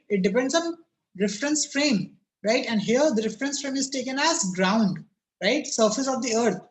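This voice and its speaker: A man teaching a physics class over a video call, his voice cracking, repeatedly asking students "yes or no?" and telling them to think about it. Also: very high voice.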